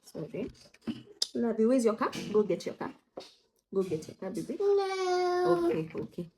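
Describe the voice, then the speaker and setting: A woman's voice: medium pitch, lively intonation, normal speed, noisy background. A young woman, chatting casually in a vlog as a mother, mixing English with Swahili and cooing at her toddlers. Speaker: parenting vlogger and mother.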